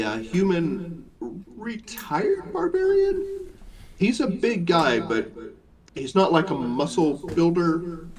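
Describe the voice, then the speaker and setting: Slow-talking game master at a convention. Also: male voice, medium pitch. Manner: measured, descriptive, with fillers. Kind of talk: narrating a tabletop game. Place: convention gaming floor. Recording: noisy convention hall crowd.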